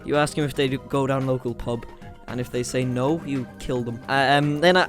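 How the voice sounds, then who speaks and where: A man's voice: medium pitch, fairly even intonation, fairly quick, faint music behind. A man with an Irish accent hosting a casual storytime chat, rambling and laughing at his own jokes. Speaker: channel host.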